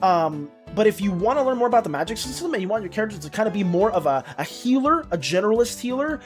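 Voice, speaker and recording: Lively, scattered woman streamer. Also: mid-range voice, soft background music. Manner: scattered, trips over words, quick to apologize. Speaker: art streamer. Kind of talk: casual live-stream chat with viewers.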